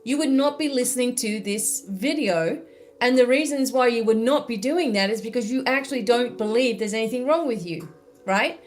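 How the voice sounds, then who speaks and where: A woman's voice: on the high side, normal speed, a little mellow, faint music behind. An Australian woman speaking as a spiritual mentor in a live-stream monologue, chatty and full of "you know" and "right?".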